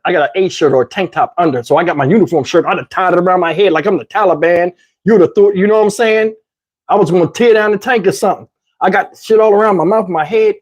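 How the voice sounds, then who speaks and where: A man casually telling a story to his channel, in a slangy, profane, lively way. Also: high-pitched. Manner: profane, slangy, lively retelling with acted-out quotes.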